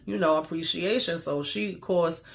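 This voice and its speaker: A man's voice: on the high side, normal speed, vocal fry, fairly bright tone. A man giving a casual TV episode recap, telling it in a slangy, emphatic way with lots of fillers. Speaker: TV show recap host.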